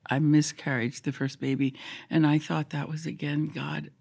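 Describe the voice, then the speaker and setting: Older woman with a gravelly, husky voice. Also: sits low, little pitch movement, normal speed, darkish tone. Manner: emotional, sometimes dropping to a whisper. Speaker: guest. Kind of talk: personal testimony in an interview.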